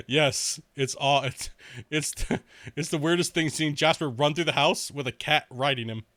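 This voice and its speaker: Guy streaming a game, swears a lot, laughs, bright voice, dry close sound. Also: a little high, unhurried, dry recording. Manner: crude, swearing, laughs often; rambling storyteller with many restarts. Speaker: gaming streamer. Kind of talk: casual live-stream chat.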